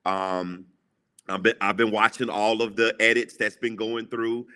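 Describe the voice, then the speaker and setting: A man's voice: on the low side, level tone, a little slow, sharp tone, clear, resonant tone. A man giving an emphatic, preacherly motivational talk as a guest entrepreneur, repeating lines for emphasis. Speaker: guest, entrepreneur and TV show creator.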